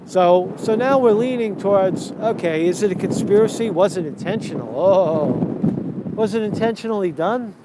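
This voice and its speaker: A man's voice: high voice, moderate pace. A man vlogging as he walks empty city streets, rambling and repeating himself, on a handheld camera. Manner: rambling, repeats himself, talks while walking. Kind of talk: walk-and-talk street vlog. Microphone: handheld camera while walking. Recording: faint street noise outdoors.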